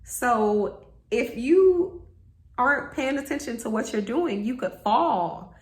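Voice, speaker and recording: A young woman vlogger with a slightly high voice speaks slowly, chatting casually to her viewers as she tells a story. She's animated, swears freely, and acts out what people said, with a roomy echo in the recording.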